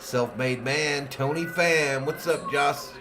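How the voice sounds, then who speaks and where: A man with a medium-pitched voice hosts a fan watch party, calling plays slowly over a noisy background. Animated and jokey, he banters with his chat and reads viewers' names aloud during the live game call.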